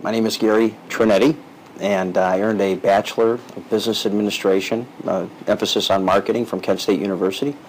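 Low-voiced man, faint hiss behind. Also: fairly even intonation, a little fast, low-quality recording. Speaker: company CEO. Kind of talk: casual self-introduction.

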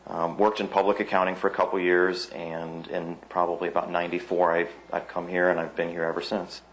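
A man from Ohio introducing himself plainly, slightly halting. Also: deep voice, level tone, a bit bright, low-quality recording. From Kent, Ohio. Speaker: company president. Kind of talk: casual self-introduction.

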